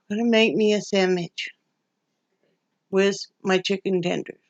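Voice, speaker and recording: A woman's voice: mid-range voice, steady tone, slow, no room sound, highs cut off. A woman from Wyoming chatting at home for her vlog, rambling and restarting her sentences. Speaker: vlogger. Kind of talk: casual home chat. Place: at home, indoors.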